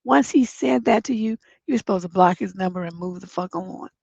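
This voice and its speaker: Blunt congested woman advice host, gravelly. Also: mid-range voice, fairly quick, darkish tone, no echo. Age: middle-aged. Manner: blunt, profane, gets emphatic when giving advice. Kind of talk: livestream advice chat, reading viewer letters. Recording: dull lo-fi stream audio.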